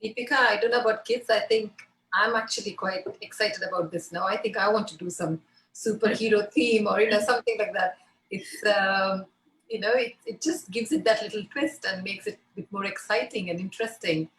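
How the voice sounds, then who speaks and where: A woman's voice: medium pitch, a little fast, fairly bright tone. A woman interviewer speaks hesitantly over a video call, filling her questions with "um" and "you know". The room gives her voice a noticeable echo, with faint noise underneath. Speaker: interviewer, online art class founder. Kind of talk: interview conversation.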